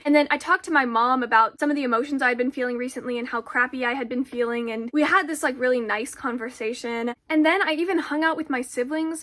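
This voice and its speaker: A woman's voice: high-pitched, fairly bright tone. A teenage girl talking candidly to a phone camera in a confessional vlog, reflective and full of "like". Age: teens. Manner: candid, reflective, filler-heavy with "like". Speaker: vlogger.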